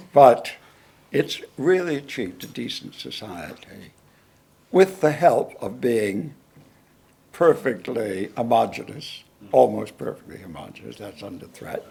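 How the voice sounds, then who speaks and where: A man, a guest lecturer, answering audience questions in a lecture hall in a deliberate, wry manner. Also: medium pitch, gravelly, a little mellow, husky.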